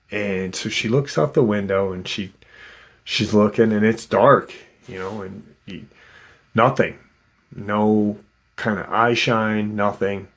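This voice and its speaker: A man's voice: lowish voice, fairly even intonation, takes it slowly. A man hosting a channel, casually retelling an encounter story in a loose, conversational way. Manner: loose and conversational, full of "um" and "you know". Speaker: host and storyteller.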